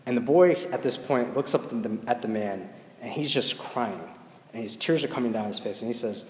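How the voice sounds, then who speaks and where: A man's voice: mid-range voice, moderate pace. Man preacher, casual storytelling sermon, roomy church hall, long reverb. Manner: conversational, often checks in with "right?".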